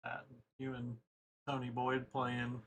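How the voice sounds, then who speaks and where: A man's voice: mid-range voice, completely flat delivery, takes it slowly, fairly bright tone, slightly rough, low-quality recording. A man as co-commentator on a pool match, chatting casually and reminiscing in an offhand way.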